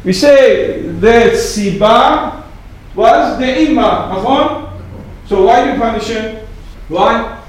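A man teaching a Torah class, halting with fillers and asking his listeners rhetorical questions. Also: very high-pitched, animated, poor audio. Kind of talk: class lesson on scripture.

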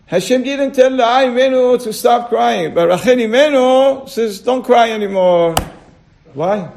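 A Torah teacher with a very high-pitched, gravelly, darkish voice leads a casual religious class at an unhurried pace. He repeats words, fires rhetorical questions at his listeners, and checks on them with short asides.

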